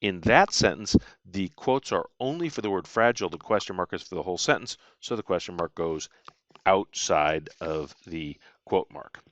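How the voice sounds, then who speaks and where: A man's voice: low-pitched, animated, moderate pace, a bit bright, no room sound, highs cut off. A man teaching punctuation in a recorded lecture, reading out example sentences along with their punctuation marks and stressing the rules. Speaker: writing instructor.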